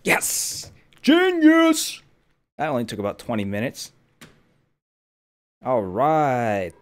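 Through his headphones' mic, a young male gaming host offers jokey self-talk commentary as he plays. His voice is medium in pitch and a little slow.

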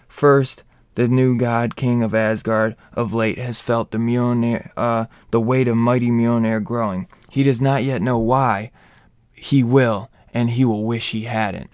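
A man casually recapping a comic book, rambling and excitable with lots of fillers. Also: mid-range voice, clean tone, no room sound, studio quality.

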